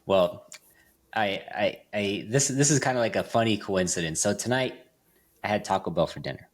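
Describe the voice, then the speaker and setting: A man's voice: on the low side, moderate pace. A man hosting a podcast, telling stories in a chatty way, with many fillers and restarts. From Las Vegas. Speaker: podcast host. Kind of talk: casual chat.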